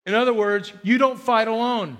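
A middle-aged man preaching a sermon as pastor, animated, shifting from quiet asides to loud emphatic lines. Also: very high voice, moderate pace.

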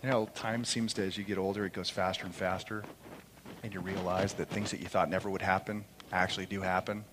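A middle-aged man preaching a sermon in church, impassioned, moving between loud proclamation and soft, quiet storytelling. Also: deep voice, flat delivery, a little fast, noisy background. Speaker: pastor. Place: church sanctuary during a service. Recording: long hall reverb.

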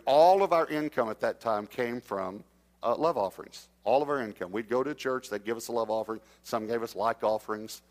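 A middle-aged man preaching, telling a personal story and acting out the dialogue, sometimes dropping to a hush. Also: medium pitch. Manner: anecdotal, acts out dialogue, drops to a hush for suspense. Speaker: traveling preacher. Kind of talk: storytelling sermon.

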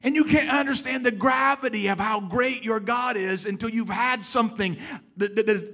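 A man with a high, tense, bright voice preaching a sermon. He stumbles over quick restarts and fires rhetorical questions at the congregation. He swings between forceful emphasis and soft, hushed passages.

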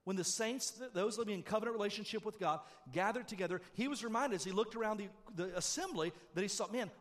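High-voiced, animated man preaching. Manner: animated, shifts from loud and quick to low and hushed. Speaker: pastor. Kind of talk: sermon.

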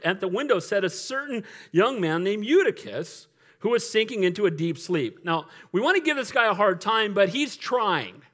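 Here a middle-aged male pastor, voice on the high side and a bit bright, gives a sermon. He talks casually, cracks jokes, laughs a lot, and regularly asks for an amen.

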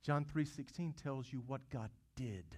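A man's voice: medium pitch, measured pace, husky. A man preaching a sermon. He asks the congregation questions, repeats words as he goes, and swells to emphatic peaks. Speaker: pastor.

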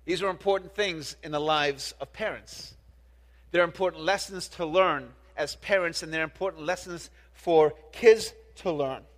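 A man's voice: a little high, moderate pace. A middle-aged man preaching a sermon as a pastor, earnest, often restarting words and turning to the congregation with questions. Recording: long reverb of a large hall.

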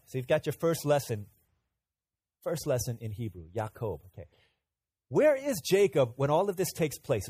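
A man's voice: on the high side, husky, dry recording. Earnest male pastor preaching a sermon. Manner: interactive, has the congregation repeat words aloud; earnest, swings from emphatic to quiet asides.

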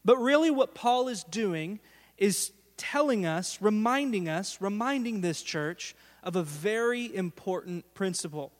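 A man preaching a sermon to his congregation, telling stories in an animated way and acting out the lines he quotes. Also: sits high, a little slow, long reverb tail. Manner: animated storytelling, acts out quotes. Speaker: pastor. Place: church sanctuary.

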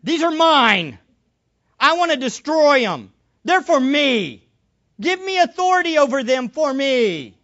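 A preacher acting out Satan as a greedy, cruel tempter who makes grasping, possessive demands, a little louder than the sermon around it. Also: high voice, sing-song, a little slow, lo-fi sound, exaggerated voice.

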